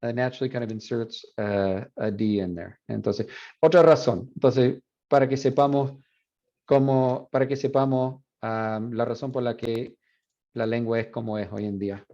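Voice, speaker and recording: Mellow-voiced man lecturing, dull recording. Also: mid-range voice, normal speed. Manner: animated, switches between English and Spanish, repeats words aloud as demonstration. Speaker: Spanish professor. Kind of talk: university lecture.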